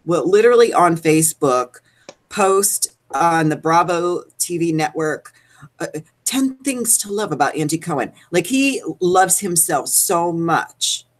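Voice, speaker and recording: A woman's voice: fairly low pitch, animated, a little slow. A woman co-hosting a live show, ranting animatedly about celebrity gossip. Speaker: co-host. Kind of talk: casual chat.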